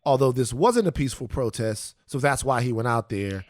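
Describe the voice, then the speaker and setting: A man co-hosting a podcast, talking in a casual, animated, playful way. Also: mid-range voice, normal speed, no echo, studio quality. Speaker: podcast co-host.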